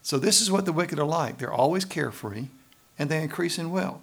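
A man's voice: a little high, expressive, a little fast, gravelly. A man preaching a sermon, building emphasis and tossing in frequent questions to the congregation. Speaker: pastor.

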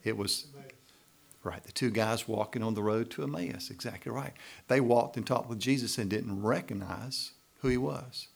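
A man preaching a sermon as pastor, lively and emphatic, often checking in with "right?" and pushing to loud emphasis. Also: mid-range voice, normal speed, vocal fry, husky.

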